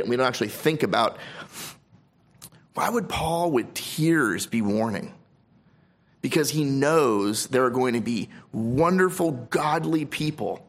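A pastor preaches a sermon, his voice leaping up on the words he wants to land and sinking low and soft on the tender ones. He leans on scripture, reading it aloud in old-fashioned King James wording. His pitch sits in the middle of a man's range. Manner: emphatic preaching, swinging between loud stresses and quiet drops.

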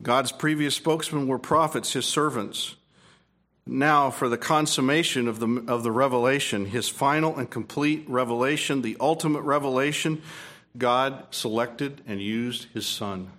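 A man preaching an expository sermon, emphatic with rising peaks and quieter asides, asking questions of his listeners. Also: mid-range voice, moderate pace. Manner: repeats and restarts phrases, asks the room questions. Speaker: pastor.

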